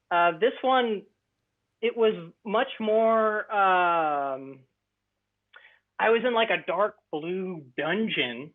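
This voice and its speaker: A young man with a fairly high voice tells his story with eager, halting enthusiasm. His voice comes through a thin, tinny call line that sounds like a phone. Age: young adult. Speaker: guest presenter. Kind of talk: casual interview storytelling.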